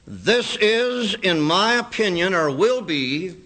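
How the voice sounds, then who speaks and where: Male preacher, bright clear tone, measured scripture reading. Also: high-pitched, expressive, low-quality recording. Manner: earnest, quotes scripture in slow measured cadence. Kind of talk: sermon.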